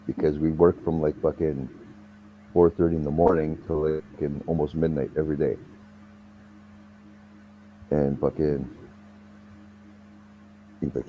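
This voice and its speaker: A man's voice: very deep voice, little pitch movement, unhurried, pauses often, muffled recording, slight background noise. A young man casually telling a rambling, profanity-laced story in conversation. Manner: profane, rambling anecdotal delivery.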